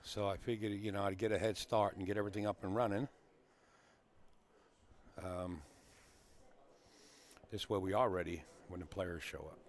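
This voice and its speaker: Casual stream host, male, deep low voice, rambling chatty delivery. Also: steady tone, normal speed, long pauses. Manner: chatty, rambling, greets viewers by name. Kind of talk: casual live-stream chat. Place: pool hall.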